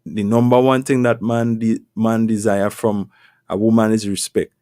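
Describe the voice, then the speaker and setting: A man's voice: on the low side, level tone, moderate pace, dark tone, no echo, studio quality. A man hosting a casual advice talk, repeating words and firing off rhetorical questions in a preachy way. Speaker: podcast host.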